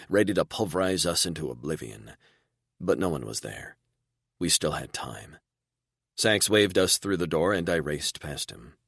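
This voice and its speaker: A male audiobook narrator with a very deep voice tells the story in steady, even first-person narration. The recording is dry and close, with no trace of room sound. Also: dry recording.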